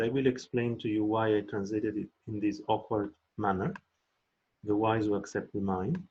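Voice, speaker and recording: A man with a somewhat husky voice gives an academic lecture, explaining slowly and carefully. His voice sits at a middling pitch. The recording sounds a bit dull and lo-fi. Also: darkish tone. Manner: explains slowly and carefully, chants Sanskrit verse in a raised voice. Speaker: lecturer on Buddhist philosophy.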